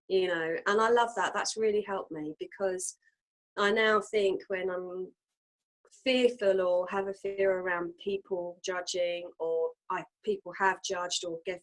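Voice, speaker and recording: A woman co-hosting a casual reflective chat, talking earnestly with many fillers and pauses. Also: mid-range voice, poor audio. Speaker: co-host.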